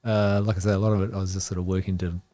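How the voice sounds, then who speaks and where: A man's voice: low-pitched, level tone, rapid-fire, dark tone, slight background noise. A man with a New Zealand accent, a guest telling a rambling travel story in casual chat, laughing between phrases.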